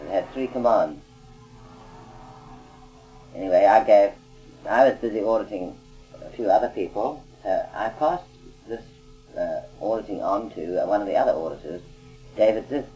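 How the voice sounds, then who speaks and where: Mellow-voiced man telling rambling anecdotes. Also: on the low side, lively intonation, moderate pace, long pauses, faint music behind, poor audio. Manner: conversational, rambling, frequent "you see" asides. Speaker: auditor recounting experiences. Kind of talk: anecdotal recorded talk.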